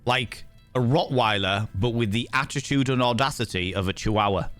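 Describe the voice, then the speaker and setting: A man's voice: mid-range voice, moderate pace, fairly bright tone, soft background music. A man streaming a story game, joking, swearing and riffing on the characters with frequent laughs. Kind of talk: casual let's-play commentary.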